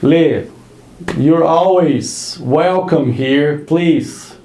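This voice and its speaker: A man with a Brazilian Portuguese accent hosting an interview, his English halting and his Portuguese quick. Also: on the high side, warm tone, roomy sound, a little hiss or hum. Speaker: interview host. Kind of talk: casual interview chat.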